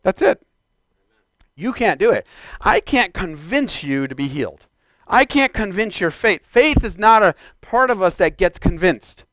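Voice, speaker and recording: A man preaching a sermon, moving from quiet, measured teaching to loud, exclaimed calls to the congregation. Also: high voice, very animated, no echo.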